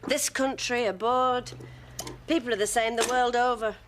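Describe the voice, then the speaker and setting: A woman's voice: steady tone, normal speed, a little hiss or hum, lightly acted. An actress playing a lonely, brash middle-aged woman in a TV soap drama, teasing and flirtatious. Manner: teasing, loud, swoops in pitch.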